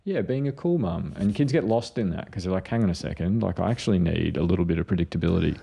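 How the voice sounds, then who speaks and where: Gravelly deep-voiced man chatting. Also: lively intonation, fast, warm tone. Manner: storytelling, acts out quotes. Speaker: podcast co-host, mental health clinician. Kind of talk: casual parenting chat.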